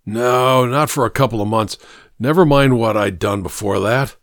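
A man's voice: mid-range voice, normal speed, no room sound, studio quality, lightly acted. A man voicing a desperate, dying fugitive. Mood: bitter, defensive. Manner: plaintive, rising to shouting. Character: dying cowardly male fugitive, coughing, desperate.

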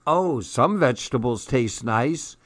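A man's voice: medium pitch, lively intonation, takes it slowly, dry recording. A man doing a cheerful old grandpa. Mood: reassuring.

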